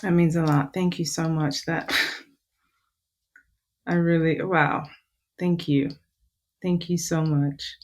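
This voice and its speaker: A woman hosts a podcast and wraps up an interview. She has a fairly low voice for a woman. She speaks softly, sounding moved and thankful. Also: steady tone, slow, long pauses. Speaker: podcast host. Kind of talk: casual interview chat.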